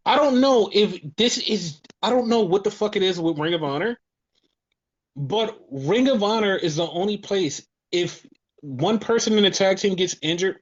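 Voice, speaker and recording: A man hosting a casual podcast, telling stories excitedly and swearing constantly. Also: sits high, muffled recording. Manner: excited, profane storytelling. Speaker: podcast host.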